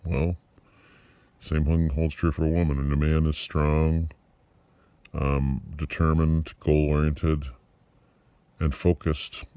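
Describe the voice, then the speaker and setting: In a personal video diary, a middle-aged man with an extremely low, deep, warm and smooth voice muses aloud with little pitch movement. He's reflective and halting, pausing often, circling back and restarting sentences with many fillers. The sound is dry and close, with almost no room echo.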